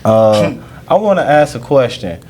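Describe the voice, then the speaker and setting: A man's voice: mid-range voice, very animated, measured pace, a little mellow. A man hosting a podcast, chiming in with short agreeing replies and asking questions in a casual interview. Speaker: podcast host.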